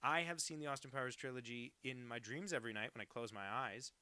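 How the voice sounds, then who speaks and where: A man's voice: medium pitch, quick pace, pushed and bright, clean tone, no room sound. A young man streaming himself drawing, joking around and reading out chat messages on a home mic setup. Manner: jokey, reads chat messages aloud. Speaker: cartoonist streaming live. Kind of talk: casual livestream chat while drawing. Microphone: home setup, no professional mic.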